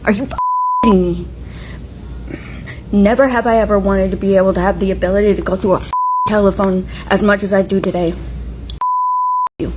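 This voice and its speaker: A woman's voice: mid-range voice, fairly even intonation, fast. A woman furiously swearing and ranting in a reaction video. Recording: noisy background.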